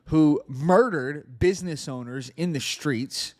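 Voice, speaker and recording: A man's voice: fairly high pitch, slow pace. A man hosting a political commentary podcast, talking in a sarcastic, incredulous and emphatic way, sometimes stumbling over his words. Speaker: podcast host.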